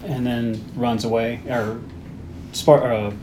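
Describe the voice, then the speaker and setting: A man's voice: mid-range voice, flat delivery, slow, mellow, faint music behind. A man co-hosting a podcast, casually recapping a movie plot scene by scene with frequent fillers. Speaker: podcast co-host.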